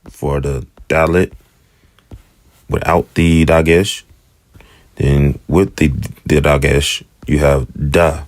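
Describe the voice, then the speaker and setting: A man with an African American English accent walks through letter sounds in a relaxed lesson, repeating each one several times. His voice sits extremely low and he takes his time. The sound is close and dry, with no room echo. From United States. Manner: repeats sounds slowly, drawn-out demonstrations. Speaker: Hebrew teacher. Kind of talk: casual alphabet lesson.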